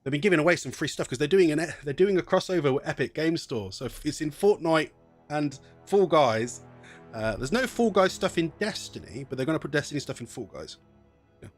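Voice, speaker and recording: A man's voice: on the high side, big pitch swings, fairly quick, soft background music. A man streaming a game, chatting casually and reading in-game text aloud, joking at his own expense. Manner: chatty, self-mocking, tries silly pirate accents.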